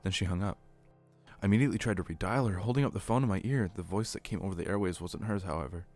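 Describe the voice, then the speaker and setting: A man reading a horror story aloud as narrator, steady and earnest. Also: low voice, fast, soft background music.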